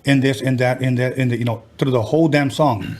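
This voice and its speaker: A man's voice: medium pitch, steady tone, a little fast, darkish tone. A man hosting a podcast, talking bluntly and animatedly in casual chat, swearing freely. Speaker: podcast host.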